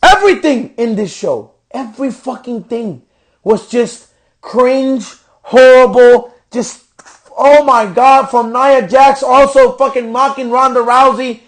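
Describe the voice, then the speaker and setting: High-voiced man ranting angrily. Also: slow. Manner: frustrated ranting with heavy profanity. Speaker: podcast host. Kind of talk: angry wrestling show review.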